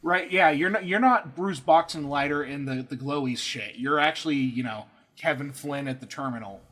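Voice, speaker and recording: A man's voice: fairly high pitch, moderate pace, fairly bright tone. A man co-hosting a podcast who reads from an article in casual chat, laughing and swearing easily. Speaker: podcast co-host.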